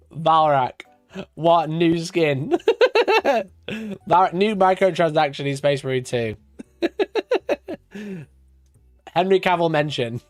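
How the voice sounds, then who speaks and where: A man with a Yorkshire accent rants loosely on a live stream, swearing freely and breaking into laughs. His voice sits a touch high for a man and sounds dry and close to the mic. Faint music plays underneath. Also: very animated, slow, pauses often, dry recording. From Sheffield, Yorkshire, England. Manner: sweary, ranting, laughs often. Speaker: wargaming streamer. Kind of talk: casual live stream chat.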